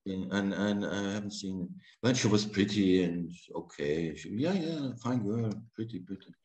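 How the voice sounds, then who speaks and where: A man with a German accent, an actor guest telling lively anecdotes in a casual interview, often laughing. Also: on the low side, moderate pace. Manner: animated storytelling, playful laughs.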